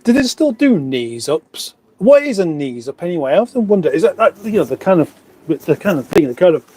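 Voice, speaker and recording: Middle-aged man, from England, rambling livestream chat, mellow, slightly high voice. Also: very animated, fairly quick, slightly rough, low-quality recording. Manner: rambling, chatty, reads viewer comments aloud. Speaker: livestream host. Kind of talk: casual live chat reading comments. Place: home room, indoors.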